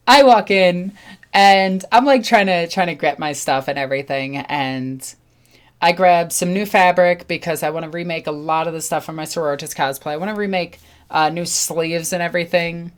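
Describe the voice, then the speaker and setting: Young woman, casual storytelling, slightly low voice, animated, acts out dialogue. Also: moderate pace. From New York. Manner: animated, acts out other people's lines. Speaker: channel host.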